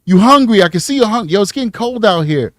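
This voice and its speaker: A man voicing a smooth-talking male street predator with a Harlem accent, quietly coaxing and friendly-sounding. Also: sits high, lively intonation, fast talker, dry recording.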